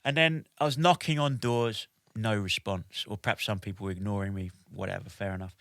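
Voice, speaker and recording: A man in his forties, a podcast guest telling a lively anecdote in an animated way, with lots of "like" and "basically". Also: on the low side, brisk, creaky, no room sound, studio quality. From United Kingdom. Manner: animated, with many "like" and "basically" fillers. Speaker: podcast guest, military veteran.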